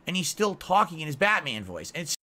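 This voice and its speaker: A man's voice: fairly high pitch, very animated, a little fast, pushed and bright. A man giving a rambling, unscripted movie review, repeating himself as he goes. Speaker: video reviewer.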